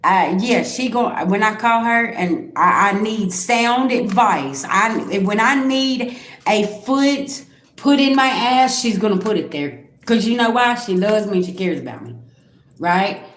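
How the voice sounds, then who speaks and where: A woman holds a casual live-stream reading and talks straight to her viewers. She is blunt and curses freely, and her voice sits at an ordinary pitch. The room around her rings with echo. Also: lively intonation, unhurried, fairly bright tone. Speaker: psychic reader on a live stream. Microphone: own microphone.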